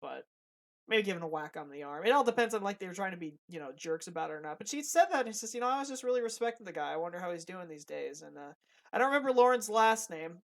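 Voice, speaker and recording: A man's voice: high-pitched, expressive, fast talker, creaky. Rambling young man on a podcast. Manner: rambling, many restarts and fillers. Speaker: podcast co-host. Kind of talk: casual podcast chat.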